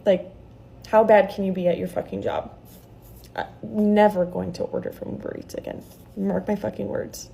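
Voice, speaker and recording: A woman's voice: medium pitch, gravelly, dark tone. A woman retelling a frightening experience in a casual storytime vlog, heated and full of swearing.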